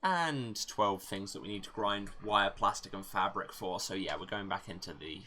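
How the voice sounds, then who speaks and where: A let's play host chatting casually over a game, self-mocking and quick to joke. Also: deep voice, sharp tone, slight background noise.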